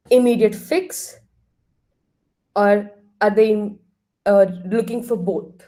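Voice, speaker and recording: A woman leading an online counseling workshop, asking the group questions and now and then clearing her throat. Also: mid-range voice, warm tone. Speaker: workshop trainer. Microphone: laptop far across the room.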